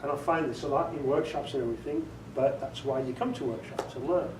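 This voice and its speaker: Speaking quickly in a medium-pitched voice, this man leads a relaxed audiobook narration workshop before a group in a meeting room. He chats, laughs at his own jokes often, and demonstrates inflections. Background noise runs under the distant, echoey recording.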